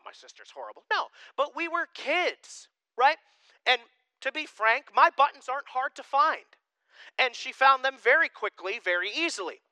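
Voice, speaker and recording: Emphatic high-voiced male pastor, bright and dry. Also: clean tone, no room sound, poor audio. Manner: emphatic, shifting between loud declarations and quiet asides. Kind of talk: sermon.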